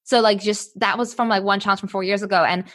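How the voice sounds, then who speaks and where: A woman guest in a podcast interview, talking quickly and casually with lots of "like" and laughing easily. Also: medium pitch, fairly even intonation. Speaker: guest, business consultant. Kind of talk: conversational interview.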